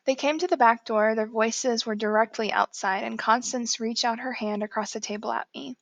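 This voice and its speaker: A woman reading a novel aloud in the first person, measured and steady. Her voice is fairly high with a noticeable gravelly fry, and the recording is close and dry. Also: no echo. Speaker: audiobook narrator. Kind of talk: first-person audiobook narration.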